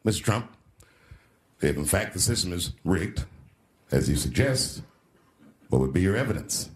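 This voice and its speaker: A man on stage voicing a calm, formal male debate moderator asking a measured question. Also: sits low, pitched below the performer's own voice.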